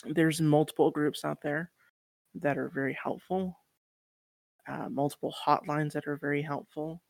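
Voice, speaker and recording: A woman's voice: low-pitched, fairly even intonation, normal speed, creaky, a little mellow, dry recording. A woman speaking as a guest on a podcast interview, earnest and encouraging, with some casual swearing.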